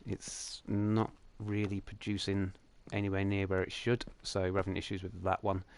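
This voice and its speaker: Chatty man, lowish voice. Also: monotone, moderate pace, vocal fry. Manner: chatty, jokey, rambling. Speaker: livestream host. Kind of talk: casual game commentary.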